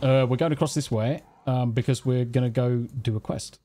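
A man's voice: medium pitch, steady tone, a little fast, mellow, slight background noise. A man streaming a game, chatting casually, swearing and teasing while thanking viewers. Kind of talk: casual live-stream chat. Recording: faint music behind.

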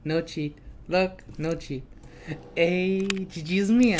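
A woman streaming a game live, swearing freely and breaking into panicked shouts. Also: lowish voice, slow pace, noisy background. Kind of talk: live gameplay commentary.

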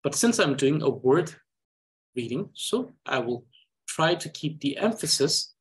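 A man with a Tibetan accent teaching a language reading lesson, talking slowly and carefully with frequent hesitations. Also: a little high, big pitch swings, breathy edge. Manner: slow, careful, hesitant with many uhs. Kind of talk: slow reading lesson with explanation.

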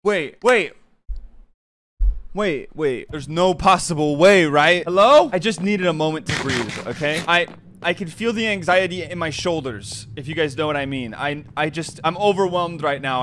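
A young man commentating his gameplay, easily spooked and prone to yelps and shouts. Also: medium pitch, background noise. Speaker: gamer being pranked.

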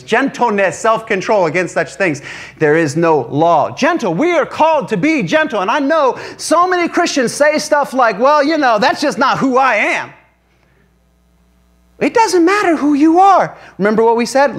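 A man preaching a sermon to a congregation, asking them questions, calling for amens and laughing as he tells stories. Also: high-pitched. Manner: animated, engages congregation with questions and calls for amen; laughs while telling stories. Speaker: pastor. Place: church service before a congregation.

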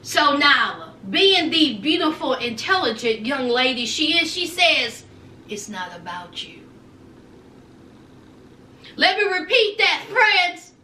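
A woman's voice: sits high, measured pace, hardly any pauses, roomy sound, far from the mic, slight background noise. A woman, casually recapping a reality show, acting out people's lines and using folksy slang. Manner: animated, acts out people's lines in voices; folksy slang, "honey", "child". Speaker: recap vlogger.

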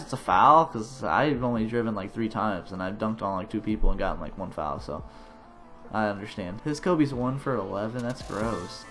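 A man giving casual, excitable gameplay commentary as a gaming channel host, cheering and shouting at plays and dropping slangy banter. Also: on the low side, moderate pace, faint music behind.

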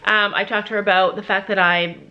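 A woman's voice: mid-range voice, little pitch movement, a little fast, lo-fi sound. A middle-aged woman vlogging casually, chatting straight to her viewers in a talkative way. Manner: chatty, often addresses viewers directly. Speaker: family vlogger. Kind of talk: casual vlog talk to camera.

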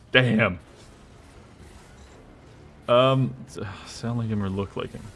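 A man's voice: medium pitch, drawn-out words, faint music behind. Rambling, joking young male streamer. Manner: rambling, joking, bursts into excited exclamations. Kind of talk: casual live gameplay commentary.

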